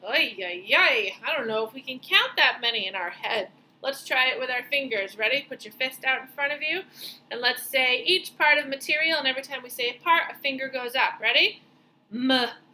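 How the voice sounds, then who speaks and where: A woman teaching a lesson to young children, speaking slowly and clearly as she encourages them to spell and clap out words. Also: high-pitched, sharp tone, a little hiss or hum, poor audio.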